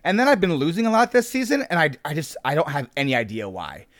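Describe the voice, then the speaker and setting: A man's voice: a little high, huge pitch swings, fast, fairly bright tone, no room sound, clean studio sound. A man hosting a podcast in casual chat, upbeat and rambling, with lots of fillers and restarts. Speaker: podcast host.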